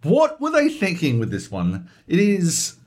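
A man's voice: sits high, wildly swooping pitch, measured pace, darkish tone. A man co-hosting a gaming podcast, ranting animatedly and swearing constantly in casual chat. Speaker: podcast co-host.

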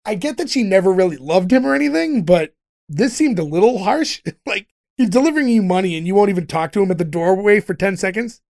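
Guy with a pretty high voice, chatty recap, laughs a lot. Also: animated, quick pace, a little mellow. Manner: chatty, laughs often while retelling scenes. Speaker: podcast host recapping a TV episode. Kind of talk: casual chat.

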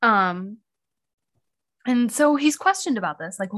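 A woman's voice: medium pitch, animated, slow pace, a bit bright. Chatty young woman recapping a case. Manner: chatty, heavy use of "like" and "um". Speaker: podcast co-host telling a true crime case. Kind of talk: casual chat.

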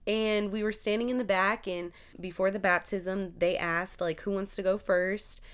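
Chatty heartfelt woman podcaster, smooth voice. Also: mid-range voice, steady tone, normal speed. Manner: chatty, heartfelt, full of fillers. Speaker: podcast host. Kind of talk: casual podcast monologue.

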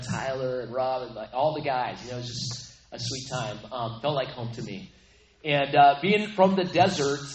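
A man's voice: fairly high pitch, a bit bright. A man from New Mexico preaching a sermon, rambling and often repeating his words. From New Mexico, USA. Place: church. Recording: echoey room.

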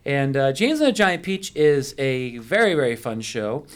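A middle-aged man hosts a local radio program from a studio. His delivery is loose and chatty, full of ums and playful asides, at an ordinary mid pitch for a man. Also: sing-song, moderate pace. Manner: chatty and playful, with many fillers. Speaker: radio show host. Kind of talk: casual radio interview.

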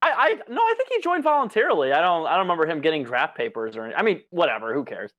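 Brief: man, slightly high voice, very quick, jokey podcast co-host who stumbles over starts. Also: sing-song, highs cut off. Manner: quick, joking, stammering restarts. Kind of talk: casual film chat.

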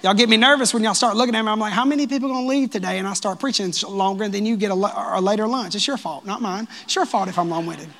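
A man preaching a sermon as pastor of his church, lively and joking with the congregation. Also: sits high, quick pace, hardly any pauses. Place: church sanctuary.

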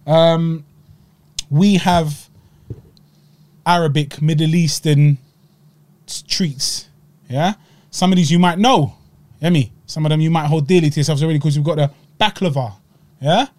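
Slangy man, slightly high voice. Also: measured pace, long pauses. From Egypt. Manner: chatty, slangy, animated. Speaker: podcast host. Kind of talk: casual chat, food review.

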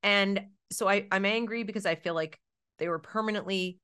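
A middle-aged woman who works as an education consultant speaks at a moderate pace in a clear, resonant, medium-pitched voice. She tells stories animatedly during an interview, acting out the voices of the people she quotes.

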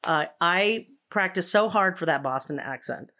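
A middle-aged woman with a slightly low voice tells stories as a guest on a podcast. She is an animated storyteller and laughs often as she talks. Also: normal speed. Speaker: guest, stage actor. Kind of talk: casual conversational interview.

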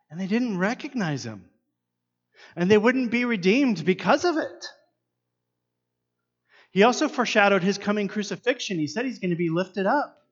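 A man's voice: high-pitched, animated, moderate pace, long pauses, muffled recording. A man preaching a sermon, earnest and asking his listeners many questions. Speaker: pastor.

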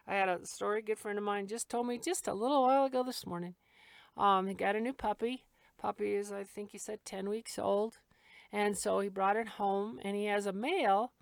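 A woman's voice: medium pitch, creaky, dry recording, studio quality. A middle-aged woman, a dog trainer, talking frankly and casually, laughing easily as she explains her methods.

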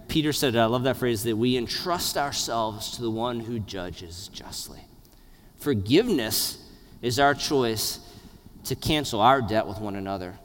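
Male pastor, 30s, animated sermon delivery, hushed to loud, reverberant hall. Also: medium pitch. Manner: animated, swings from hushed to loud with playful laughs.

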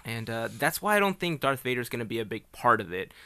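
A man's voice: medium pitch, very animated, fast, pushed and bright, clean tone, no room sound. A man co-hosting a casual chat show, talkative with frequent fillers and laughs. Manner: chatty, laughs often, many fillers. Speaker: podcast co-host.

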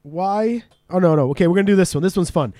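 High-voiced man hosting a podcast quiz. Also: quick pace, warm tone, no echo, studio quality. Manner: laughing, swearing, teasing quiz-giver. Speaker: podcast host. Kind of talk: casual podcast chat. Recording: remote podcast call.

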